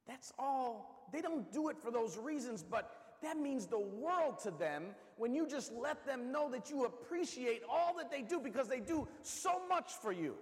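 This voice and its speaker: A man's voice: very high voice, big pitch swings, measured pace, few pauses, long reverb tail. A man preaching a sermon, emphatic and repetitive, calling out to the congregation.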